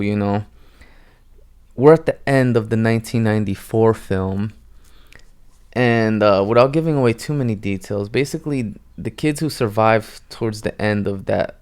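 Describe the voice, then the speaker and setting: A man's voice: on the low side, a little mellow, clean tone. A young man giving a casual, rambling film review, full of fillers, who acts out lines from the movies as he goes.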